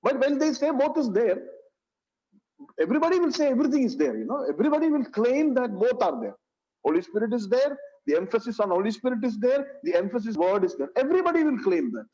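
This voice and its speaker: A man's voice: very high-pitched, big pitch swings, fast talker, mellow. A man teaching a Bible study, earnest, repeating phrases and saying "you know" often. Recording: dull lo-fi sound.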